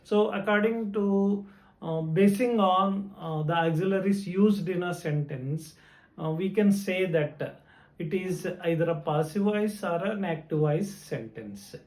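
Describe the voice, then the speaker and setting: A man with a Telugu accent teaching English grammar, pausing often and repeating each example sentence. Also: high voice, a little mellow, echoey room, rough recording. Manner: slow and deliberate, many hesitations, repeats example sentences. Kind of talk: grammar lesson.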